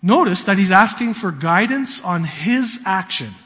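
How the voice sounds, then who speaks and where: A pastor with a high, light voice delivers a sermon in a casual, conversational way, leaning hard into key words. His voice rings out with a long reverb through the church sanctuary, and the sound is slightly dull and muffled. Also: animated, unhurried, a bit bright.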